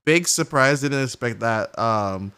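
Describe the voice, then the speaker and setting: A man's voice: medium pitch, measured pace, clean tone. A man co-hosting a casual gaming podcast, rambling through an event recap with lots of "like" fillers and acted-out reactions. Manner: rambling, heavy use of "like" fillers; excitable storytelling, acts out characters' reactions. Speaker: podcast co-host. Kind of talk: casual chat.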